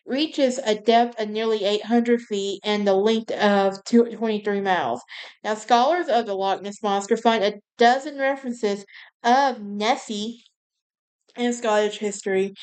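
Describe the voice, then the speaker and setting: On a casual solo podcast, a woman with a high-leaning, darkish, clean voice rambles through a story. She keeps correcting herself and laughing at her own telling.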